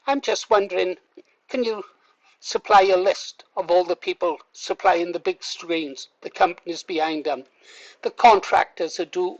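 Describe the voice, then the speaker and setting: A man's voice: high voice, lo-fi sound. A man hosting a reaction video, mocking and heckling a played clip with sarcastic asides. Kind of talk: commentary over a played clip.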